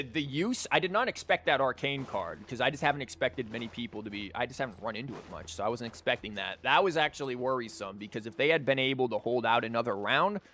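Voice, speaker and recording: A man's voice: mid-range voice, fairly bright tone, slight background noise. A man with a sore throat, chatting casually as he comments on a card game, rambling with fillers. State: sore throat, losing his voice. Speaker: streamer and teacher. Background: game music.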